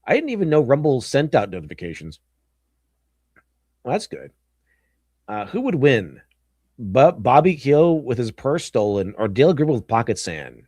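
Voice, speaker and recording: A man's voice: mid-range voice, big pitch swings, normal speed, long pauses, a little mellow, breathy edge, no echo. A man hosting a casual livestream, reading memes aloud, laughing often and slipping into silly voices. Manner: giggly, goofy, slips into silly voices. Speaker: stream host.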